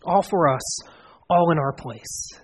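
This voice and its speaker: An earnest man preaching a sermon, his voice set a little high with a husky edge. He builds to emphatic swells and then sinks low again. A long hall reverb trails after his words. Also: slow. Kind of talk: expository sermon.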